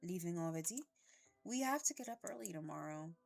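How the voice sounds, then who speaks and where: A woman puts on a mellow, unhurried man with a French accent. He talks softly and stays calm. Faint music plays under the voice. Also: lowish voice, gravelly. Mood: gentle. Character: soft-spoken man, calm cigarette smoker.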